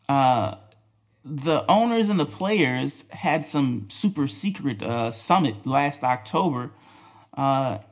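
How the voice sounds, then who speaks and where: Guy hosting his own podcast, talks with emphasis, says things twice, laughs between points. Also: mid-range voice. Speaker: podcast host. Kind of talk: solo podcast commentary.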